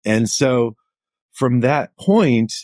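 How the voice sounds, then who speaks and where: A man's voice: mid-range voice, expressive, drawn-out words, a little mellow, no room sound, clean studio sound. A middle-aged man, a journalist guest, telling anecdotes in a casual interview with lots of "like" fillers. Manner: anecdotal, chatty, many "like" fillers.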